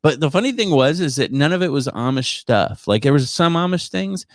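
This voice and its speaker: A man's voice: fairly high pitch, a little fast, dry recording, studio quality. A man hosting a podcast, telling a funny story in casual chat and slipping into other people's voices. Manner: animated, quotes others in put-on voices. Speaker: podcast host and comedian.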